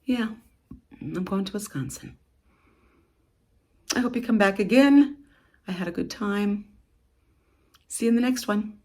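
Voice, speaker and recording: A woman's voice: on the high side, normal speed, long pauses, a little mellow. A woman vlogging her thrift haul, chatting playfully to viewers as she shows clothing and items. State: out of breath.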